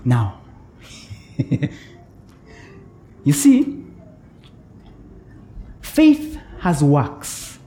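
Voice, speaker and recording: A man's voice: fairly high pitch, very slow, long pauses. A man preaching a sermon as pastor, often checking in with his congregation and chuckling between points. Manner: animated preaching with frequent "eh?" check-ins and chuckles.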